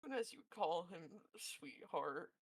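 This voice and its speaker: A woman narrating her character's actions casually in a roleplay session, soft and hesitant. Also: fairly low pitch, animated, unhurried, breathy edge, dry recording, poor audio. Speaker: tabletop roleplay player.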